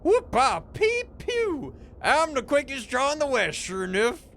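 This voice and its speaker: Man putting on a folksy cowboy sidekick; drawling, bouncy, pitched up. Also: huge pitch swings, measured pace, fairly bright tone, a little hiss or hum, exaggerated voice. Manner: drawling frontier slang.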